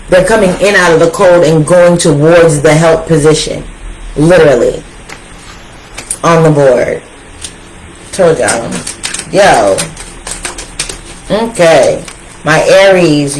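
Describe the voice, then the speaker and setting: A woman giving a casual tarot reading, talking straight to her viewers in an animated, slangy way that repeats phrases for emphasis. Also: lowish voice, slight background noise, low-quality recording. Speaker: tarot reader.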